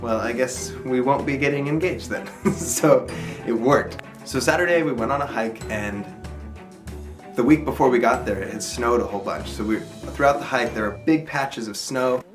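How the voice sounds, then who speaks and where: A young man telling a personal story to camera in a chatty, earnest and excited way. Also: mid-range voice, normal speed. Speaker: vlogger. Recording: background music under voice.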